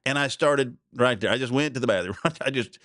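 A man's voice: medium pitch, a little fast, a bit bright, no echo, studio quality. A man, hosting a podcast and telling a rambling personal story in a self-deprecating, chuckling way. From Oklahoma. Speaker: podcast host.

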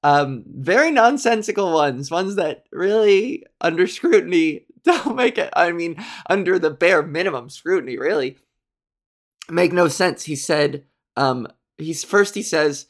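Woman, podcast host, solo casual monologue, rambling, jokey, many fillers, slow pace. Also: fairly low pitch, expressive. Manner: rambling and jokey, with frequent ums and self-corrections.

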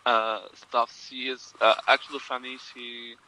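A man's voice: mid-range voice, flat delivery, measured pace, sharp tone, a little hiss or hum, low-quality recording. A man co-hosting a casual podcast chat, joking with frequent hesitations. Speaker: podcast co-host.

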